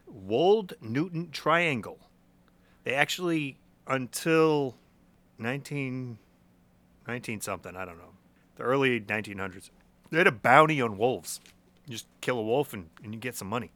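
A man's voice: medium pitch, expressive, moderate pace, fairly bright tone, no echo. A young man co-hosting a podcast in casual chat, joking, laughing often and stumbling over repeated words. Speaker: podcast co-host.

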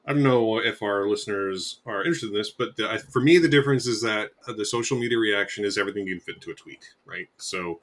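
Lower-voiced rambling podcast host. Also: male voice, fast talker, hardly any pauses, a bit bright. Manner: rambling, self-correcting, wry. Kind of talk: casual chat.

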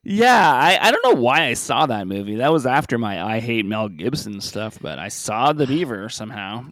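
Lively joking male podcast co-host. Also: medium pitch, moderate pace, dry recording, clean studio sound. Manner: animated, joking, laughs often. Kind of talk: casual chat.

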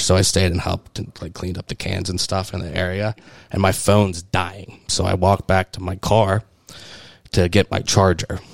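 A man co-hosting a podcast in a studio, telling a long story with lots of laughter and sudden high jumps in his voice when he acts out the panicked moments. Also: vocal fry, no echo. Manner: animated storyteller, laughs through his words. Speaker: podcast co-host.

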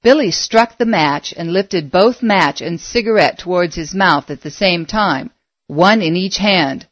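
A woman narrates a story in a measured, expressive way. Her voice sits fairly low, and the recording is dry and close, with no room around it. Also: no echo, highs cut off. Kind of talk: audiobook narration.

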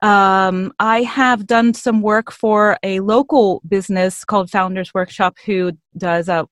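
A woman's voice: medium pitch, a little slow, no echo. Upbeat woman voice actor, dry sound. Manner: energetic, upbeat, laughs easily. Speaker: podcast guest, voiceover artist. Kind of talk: casual interview chat.

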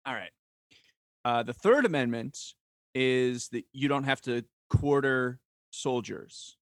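A man speaks as a guest on a casual podcast, making light jokes and laughing along. His voice is middle in pitch, and the recording sounds dry and close. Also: steady tone, slow, no echo. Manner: joking, easygoing, laughs along.

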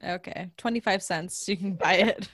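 A woman's voice: mid-range voice, normal speed, a bit bright, no echo. A young woman hosting a casual interview, friendly and encouraging, with long rambling questions. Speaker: podcast host. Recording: dry close-mic sound.

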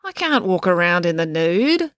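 A woman's voice: on the low side, very animated, normal speed, no echo, studio quality. A woman voicing an exasperated, tired young boy who protests and asks indignant questions.

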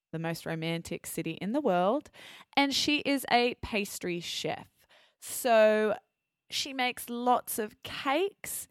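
An Australian woman hosts a podcast for English learners in a chatty, self-correcting way. She talks slowly and spells out meanings with care. Her voice sits close and dry, with no room sound around it. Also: medium pitch, no echo. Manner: chatty, self-correcting, explains words carefully. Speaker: podcast host.

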